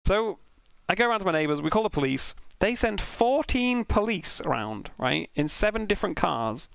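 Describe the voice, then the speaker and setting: A young man casually telling an animated, sweary anecdote while streaming a sim race. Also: sits high, moderate pace, vocal fry, smooth, no room sound. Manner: animated, swearing, self-mocking anecdote with laughs.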